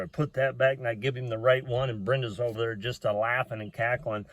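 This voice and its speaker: A man's voice: medium pitch, level tone, fairly quick, few pauses, a bit bright, dry recording. A middle-aged man telling a personal story in a rambling, folksy way, with plain talk and lots of "uh" fillers.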